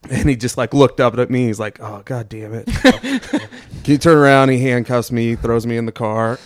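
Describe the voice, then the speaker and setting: Laid-back young man, smooth voice. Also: medium pitch, normal speed, no room sound. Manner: laid-back, deadpan anecdote telling with chuckles. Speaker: guest. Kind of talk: casual storytelling.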